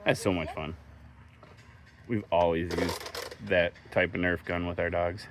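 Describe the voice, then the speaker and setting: Uma mulher de voz extremamente grave, comentando de forma descontraída num vlog ao ar livre, com ruído de fundo nítido. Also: female voice, rumbling low, flat delivery, unhurried, noisy background. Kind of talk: casual chat.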